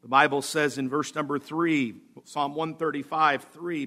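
A pastor preaching to his congregation, his slightly high voice leaping up for emphasis and dropping low for asides. He talks in an animated, conversational sermon style. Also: a little slow. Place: church.

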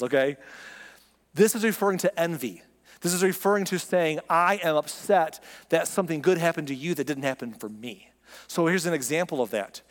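A man preaching a sermon in a conversational way, often acting out imagined speakers. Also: on the high side. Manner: conversational, acts out quoted voices. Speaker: pastor. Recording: long hall reverb.

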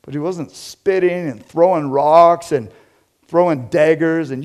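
A man preaching a conversational sermon to a small group, shifting from loud emphatic lines to quiet low asides. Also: measured pace. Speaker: pastor. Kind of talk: interactive sermon.

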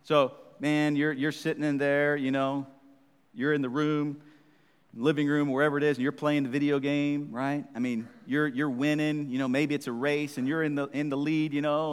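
Conversational, teasing preacher in a hall. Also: male voice, mid-range voice. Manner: conversational, teasing, frequent "right?" check-ins. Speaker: pastor. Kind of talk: sermon. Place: church. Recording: reverberant church hall.

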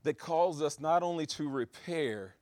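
A man preaching a sermon, swinging between loud exhortation and quiet asides, driving his points home with repeated rhetorical questions. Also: fairly high pitch, measured pace, no room sound, studio quality.

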